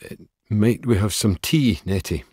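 Angry strained husband, guy reading it, deep and husky. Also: lively intonation, slow, no echo, studio quality, full character voice. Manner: strained, shouting at times.

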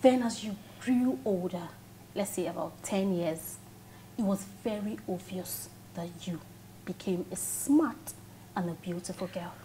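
A woman's voice: medium pitch, measured pace, dark tone, a little hiss or hum, close to an everyday voice. A young woman with a Nigerian accent playing a level-headed best friend who talks casually and reasons things out. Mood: reasoning.

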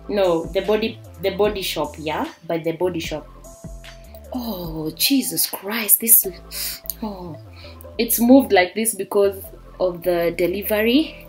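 A young woman from Kenya excitedly unboxing a beauty subscription box in a vlog, gushing and exclaiming as she goes. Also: mid-range voice, takes it slowly. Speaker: beauty vlogger. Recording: faint background music.

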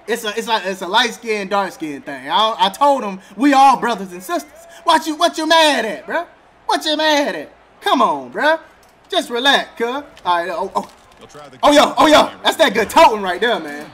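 A man with a very high-pitched voice talks at a normal speed while streaming a football video game. This gaming streamer keeps up animated trash talk full of slang and laughter in casual game commentary.

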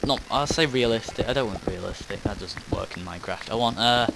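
A man's voice: lowish voice, a little fast, gravelly, background noise. Rambling man commentating a game. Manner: meandering, self-interrupting, casual swearing. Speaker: gaming commentator.

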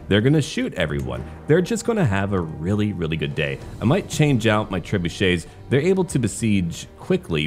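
Low voiced guy doing dry chatty strategy game commentary, faint music behind. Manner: wry, chatty, jokes with quick silly put-on voices. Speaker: game streamer. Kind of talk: let's-play commentary.

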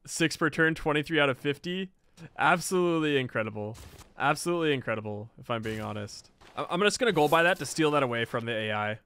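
Excitable high-voiced game streamer man. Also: fast talker. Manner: excitable, exclaiming and laughing at the game. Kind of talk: casual gameplay commentary.

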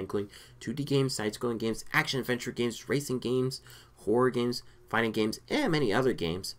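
Excitable man narrating gameplay. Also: mid-range voice. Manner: excitable, stammering, reading on-screen lines aloud. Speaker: let's play gamer. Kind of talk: casual gameplay commentary.

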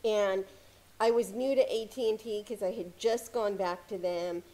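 A woman giving casual motivational advice to camera as a success coach, talking calmly with frequent "you know" fillers. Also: medium pitch, moderate pace. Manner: calm, conversational, many "you know" fillers.

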